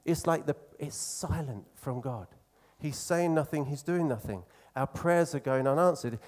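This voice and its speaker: Earnest preacher, man, fairly high voice. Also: darkish tone. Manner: earnest, conversational preaching with emphatic slow phrases. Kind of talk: sermon.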